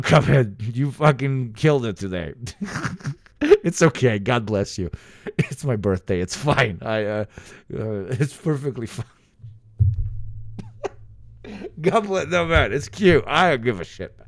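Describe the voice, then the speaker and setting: A man with a Balkan accent, a streamer talking casually to chat, loud and profane with frequent laughing. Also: lively intonation, slow, no echo, studio quality. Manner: loud, profane, laughing, swings into high outbursts.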